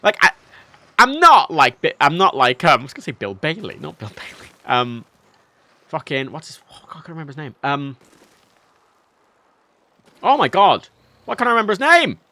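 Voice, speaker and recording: A young man livestreaming a game, rambling and mocking himself with sudden loud outbursts. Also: fairly high pitch, sing-song, fairly quick, long pauses. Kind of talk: casual gameplay chat.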